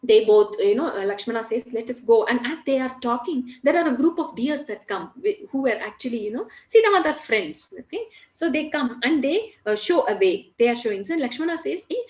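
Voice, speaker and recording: A woman telling a story in a lively, conversational way, with many fillers and asides. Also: sits high, brisk, echoey room. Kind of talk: spoken storytelling.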